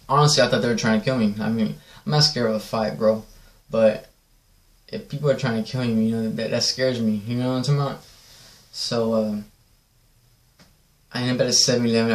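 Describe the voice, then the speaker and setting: A man casually telling a rambling personal story, swearing often and checking in with "right?". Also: mid-range voice. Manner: profane, rambling, repeats "right?". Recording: echoey room.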